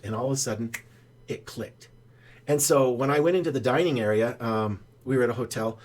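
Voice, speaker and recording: An older man, a financial advisor, telling a rambling story in a casual straight-to-camera explainer, with a lot of "uh" fillers. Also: medium pitch. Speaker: financial advisor pitching whole-life insurance banking.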